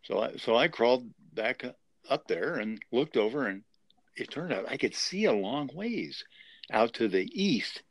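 A man's voice: medium pitch, big pitch swings, a little slow, no room sound. A man in his sixties earnestly telling a personal survival story as an interview guest. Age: 60s. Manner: earnest, emotional retelling.

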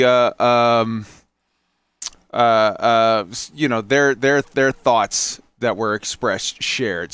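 A man's voice: mid-range voice, a bit bright, clear, resonant tone, no room sound. A man hosting a casual podcast, loose and joking as he introduces his guests over drinks. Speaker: podcast host. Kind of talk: casual chat.

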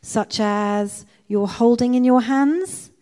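A woman reading aloud as a devout young woman prisoner, bright, eager and calmly thankful. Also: mid-range voice, unhurried, lightly acted. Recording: long church reverb.

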